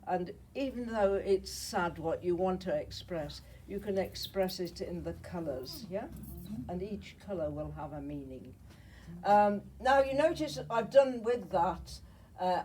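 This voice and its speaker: A woman's voice: mid-range voice, darkish tone, recorded from a distance, a little hiss or hum, low-quality recording. A woman in her eighties from Germany, a Holocaust survivor giving a slide talk to an audience, chatty and often checking in with her listeners, while nursing a cold. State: has a cold.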